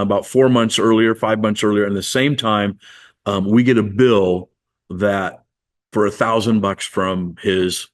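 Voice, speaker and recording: A middle-aged male pastor telling a personal story in a sermon, his voice climbing high and loud as he reenacts an angry prayer.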